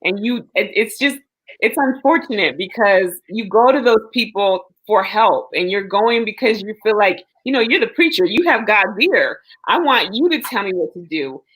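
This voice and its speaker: A woman speaks in an earnest, reassuring way in a relaxed conversation, giving long stretches of heartfelt encouragement. Her voice sits at an ordinary middle pitch. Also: normal speed, husky, rough recording. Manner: earnest, reassuring, talks at length. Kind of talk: casual supportive chat.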